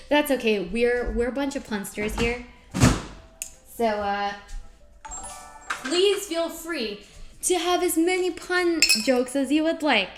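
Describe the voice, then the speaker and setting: With music in the background, a high-pitched woman speaks slowly and leaves long pauses. She streams from her home kitchen while cooking, reading her viewers' chat aloud, answering it and trading puns in a playful way.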